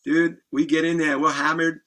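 A man guest on a podcast, telling a wild story in a casual, animated way, swearing and laughing as he goes. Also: fairly high pitch, normal speed.

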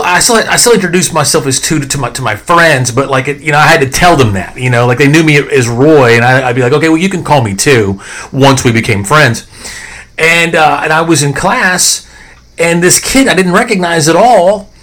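A middle-aged man hosting a podcast, telling nostalgic stories in a rambling, animated way full of fillers and restarts. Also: on the high side. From American South. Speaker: podcast host. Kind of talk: casual nostalgic storytelling.

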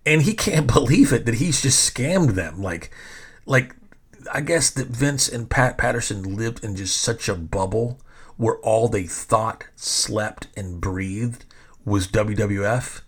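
A man's voice: fairly low pitch, takes it slowly, slightly rough. A man in his forties hosting a podcast in a casual, rambling monologue, full of fillers. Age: 40s. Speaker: podcast host.

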